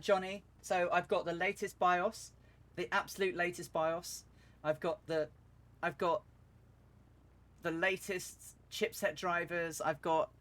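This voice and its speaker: A man talks a flight-sim stream through live, chatty and rueful. He laughs off his own mishaps as he goes. His voice sits a little high for a man. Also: fairly bright tone. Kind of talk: live game stream commentary.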